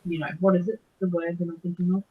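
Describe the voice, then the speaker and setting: A woman's voice: fairly low pitch, flat delivery, fast, slightly rough. A woman co-hosting a casual book discussion, rambling and searching for her words. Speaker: book club co-host. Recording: dull, lo-fi mic.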